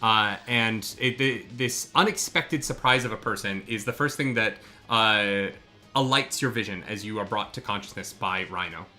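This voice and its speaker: A man running a tabletop game as game master, describing scenes in a halting way with many fillers. His voice is bright and forward, with faint music underneath. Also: lowish voice.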